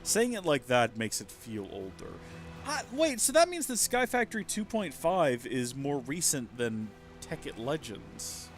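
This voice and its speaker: This thirtysomething streamer talks at a measured pace with hardly any pauses, his medium-pitched voice very animated over background music. His let's-play commentary is chatty, rambling, and self-mocking.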